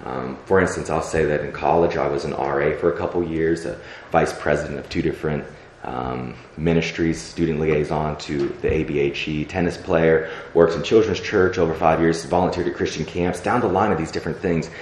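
A man's voice: a bass voice, steady tone, fairly quick, a little mellow, slight background noise. A young adult man preaching a sermon in a church, talking conversationally with many fillers and acting out prayers. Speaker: pastor. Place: church sanctuary. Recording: echoey church hall, faint ambience.

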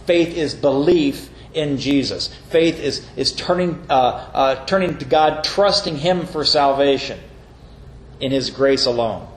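A man's voice: mid-range voice, a little slow, slight background noise. A man preaching a sermon as pastor, earnest, reading scripture aloud and explaining it. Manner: earnest, reads scripture aloud with brief mocking voices. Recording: echoey room with faint ambience.

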